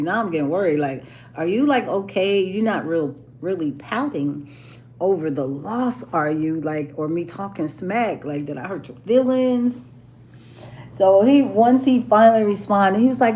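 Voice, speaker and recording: A woman's voice: on the low side, unhurried, a little mellow, slight background noise. A woman chatting casually and playfully, often laughing and using lots of fillers. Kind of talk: casual chat.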